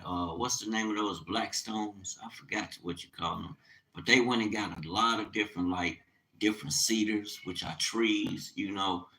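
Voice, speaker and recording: Deep-voiced man preaching with urgency. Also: creaky, sharp tone, rough recording. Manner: reads scripture aloud and comments. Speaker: livestream Bible teacher. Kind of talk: livestream Bible teaching.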